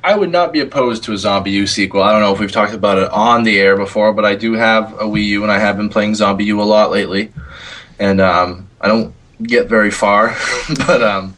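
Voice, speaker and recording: A man's voice: fairly low pitch, a little fast, fairly bright tone, slight background noise, rough recording. A man hosting a gaming podcast, easygoing and laughing often as he chats. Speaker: podcast host. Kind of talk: casual chat.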